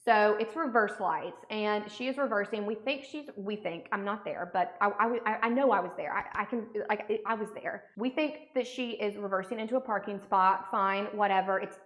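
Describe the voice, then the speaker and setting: A woman's voice: mid-range voice, moderate pace, few pauses, a bit bright. A young woman vlogger telling a story as an indignant, sarcastic rant. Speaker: makeup vlogger. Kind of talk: storytime rant while doing makeup. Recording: roomy echo.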